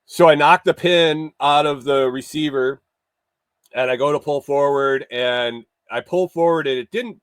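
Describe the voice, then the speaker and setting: A man's voice: fairly high pitch, a little slow, clean tone, no echo. Guy rambling through a story on his morning show, swears a bit, dry close sound. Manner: rambling, swears, restarts and acts out quotes. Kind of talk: casual storytelling chat.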